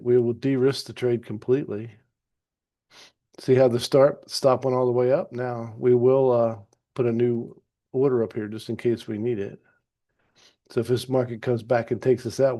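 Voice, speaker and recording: A man calmly narrating a trade replay as a trading teacher, easygoing and explanatory with some fillers and restarts. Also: medium pitch. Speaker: trading educator. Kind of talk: narrated chart walkthrough.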